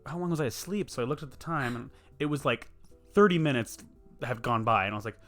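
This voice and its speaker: A man's voice: mid-range voice, lively intonation, fast talker, a bit bright, soft background music. A young man, telling a rambling, profane story in a casual podcast chat. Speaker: podcast host.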